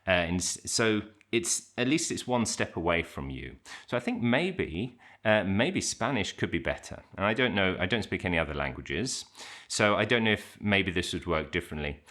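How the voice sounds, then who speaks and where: A middle-aged man with a very low voice that still comes across bright and forceful. He talks casually and reflectively, thinking aloud, with plenty of fillers, false starts and restarts. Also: sing-song, moderate pace. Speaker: English teacher and channel host. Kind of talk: casual reflective talk to camera.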